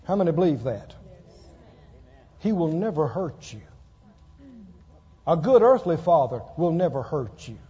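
A man preaching a sermon to a congregation, emphatic, repeating lines slowly for stress and asking the people questions. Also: on the high side, sing-song, mellow, breathy edge. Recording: dull lo-fi sound with long hall reverb.

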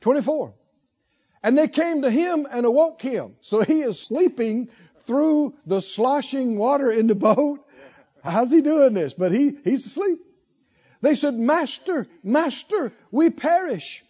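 High-voiced lively preacher man, slow, lo-fi. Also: slightly rough. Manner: preaching with rhetorical questions and repetition, chuckling. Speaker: pastor. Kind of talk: sermon.

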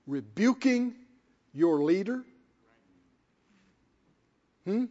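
A man preaching in a church with a high, husky voice that swoops up and down emphatically. He repeats phrases for weight and questions his listeners. The sound is dull and lo-fi, with a long hall reverb trailing behind. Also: expressive, slow, pauses often, mellow. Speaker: pastor. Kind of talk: sermon.

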